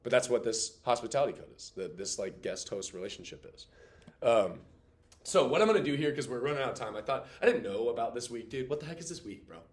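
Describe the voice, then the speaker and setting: A man in his late twenties teaching a class in a casual, animated way, full of fillers. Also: medium pitch, fast. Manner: animated, chatty, heavy on filler "like". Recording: roomy classroom echo.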